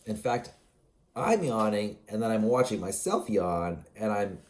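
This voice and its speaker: Musing, sleepy, low-voiced man. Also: big pitch swings, unhurried, darkish tone. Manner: musing, meandering, chuckles often, many fillers and restarts. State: yawning, sleepy. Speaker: vlogger. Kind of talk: rambling solo monologue.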